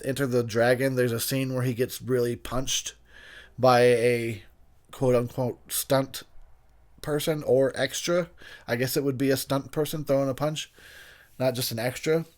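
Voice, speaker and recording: A man's voice: medium pitch, fairly even intonation, normal speed, darkish tone. A man giving casual movie commentary while intoxicated, rambling and profane, laughing often and losing track of names mid-sentence. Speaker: film commentator.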